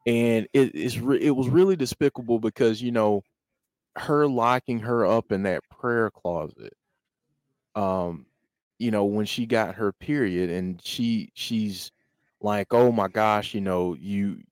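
Slow, low-voiced man talking casually. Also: darkish tone, no room sound. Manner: slow, thoughtful, hesitant with restarts. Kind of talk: casual conversation about a film.

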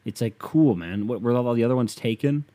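A man's voice: medium pitch, brisk, mellow. A young man from Ohio hosting a casual sports rant, profane and sarcastic.

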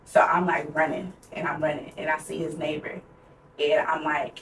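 A young adult woman with a low voice speaks at normal speed in a completely flat tone. Co-hosting a podcast, she candidly relates a personal story, peppered with "like," in an echoey room recorded from afar with faint noise.

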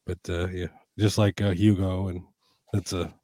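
A man's voice: low voice, level tone, normal speed, warm tone, dry recording. A man from Panama co-hosting a podcast in casual chat, rambling, restarting his sentences and swearing casually. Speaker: podcast co-host.

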